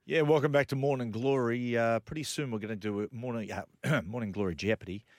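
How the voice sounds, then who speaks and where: A man's voice: mid-range voice, fairly even intonation, fairly quick, no echo, clean studio sound. A man hosting a radio show, telling stories with laughs and rambling asides. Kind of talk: casual banter and storytelling.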